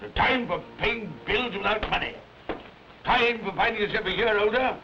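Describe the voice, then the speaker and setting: A cold, mean old miser with a British accent who snaps and sneers in short clipped phrases. His voice sits rather high. It comes from a dull 1930s film soundtrack with music under it. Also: normal speed. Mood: scornful. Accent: British English. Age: older. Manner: curt, sneering, clipped scolding.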